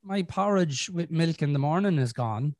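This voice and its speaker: An Irish man hosting a podcast, talking frankly and swearing, rambling with restarts and clearing his throat from a chest infection. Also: a little high, lively intonation, moderate pace, darkish tone, no room sound. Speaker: podcast host. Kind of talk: casual podcast chat.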